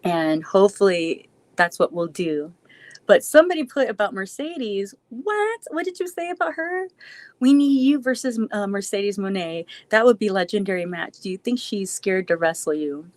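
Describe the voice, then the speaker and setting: A woman's voice: medium pitch, expressive, normal speed, no echo. A woman live streaming a casual Q&A, answering chat in a rambling, reflective way with frequent restarts.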